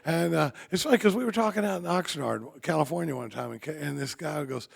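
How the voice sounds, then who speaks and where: Man, 50s, podium recovery talk; folksy and joking, slightly higher voice, husky and gravelly. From Texas. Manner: folksy, joking, halting with restarts. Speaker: AA convention speaker.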